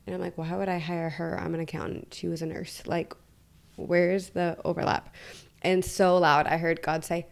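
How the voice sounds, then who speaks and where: A woman's voice: mid-range voice, creaky. Chatty American woman host telling stories. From Detroit, USA. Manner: animated, quotes her own inner dialogue. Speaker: podcast host. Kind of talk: casual conversational storytelling.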